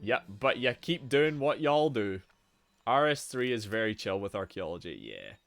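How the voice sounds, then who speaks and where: A young man chats on a live game stream, his pitch leaping wildly up and down as he loudly greets viewers. His voice is bright and sits a little high, with soft music playing behind him. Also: normal speed, no room sound. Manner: animated, loud greetings to viewers; swears casually, rambles. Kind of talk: casual live-stream chat.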